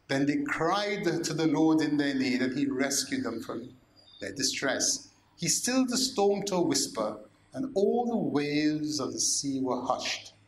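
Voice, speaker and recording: A man, a priest preaching a sermon, slow and emphatic, asking rhetorical questions. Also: medium pitch, a little hiss or hum.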